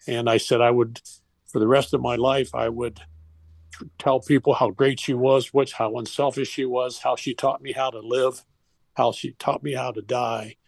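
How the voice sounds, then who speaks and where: A man's voice: medium pitch, flat delivery, moderate pace, gravelly, dry recording. An older man and former baseball coach, telling a personal story in a heartfelt, rambling way with restarts.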